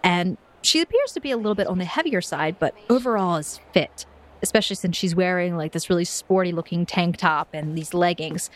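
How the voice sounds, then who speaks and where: A woman's voice: on the low side, lively intonation, a little fast. A woman who runs a tabletop game as game master, narrating in a vivid, descriptive and playful way.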